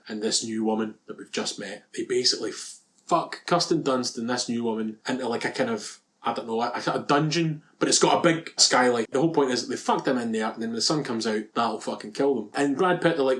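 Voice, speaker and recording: A man's voice: mid-range voice, fairly bright tone. A man co-hosting a film podcast, chatting casually, sweary and sarcastic, breaking into silly mock voices. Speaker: podcast co-host. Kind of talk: casual film-review chat.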